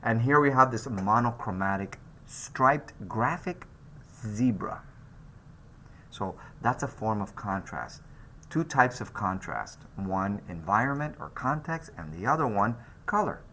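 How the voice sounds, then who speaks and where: A man giving a slide lecture on art, and his voice is bright with a forceful edge. He talks in a loose, conversational way, full of fillers and restarts. His pitch rises and falls freely. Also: sing-song, unhurried, slight background noise. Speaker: art instructor.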